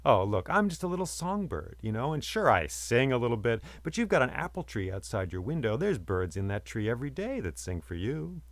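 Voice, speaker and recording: A man's voice: mid-range voice, big pitch swings, fairly quick, few pauses, no room sound. A man voicing a clever, chatty male songbird that teases and coaxes a human in a spoken folktale. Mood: coaxing. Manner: chatty, teasing, talks the man round. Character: cheeky talking male songbird, clever trickster.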